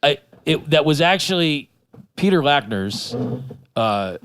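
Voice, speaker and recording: A man's voice: fairly high pitch, very animated, slow pace, fairly bright tone, clear, resonant tone. A man telling long, rambling stories with lots of swearing in a casual podcast chat. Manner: rambling storyteller, profane, restarts a lot.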